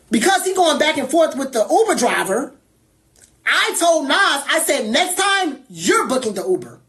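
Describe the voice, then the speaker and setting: A woman telling a personal story in casual talk, animated and irritated, acting out other people as she goes. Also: a little high.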